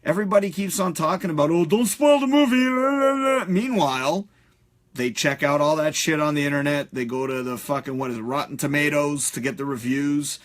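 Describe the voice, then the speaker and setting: Man, fairly high voice, profane live-stream rant, loose and animated. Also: a little fast. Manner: profane, animated ranting with frequent fillers. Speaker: host.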